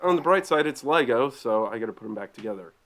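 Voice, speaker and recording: A man co-hosting a casual podcast chat from his home, telling stories in a halting way and laughing often. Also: medium pitch, lively intonation, crowd noise. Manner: halting, loose storytelling with frequent laughs. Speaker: podcast co-host. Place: home room.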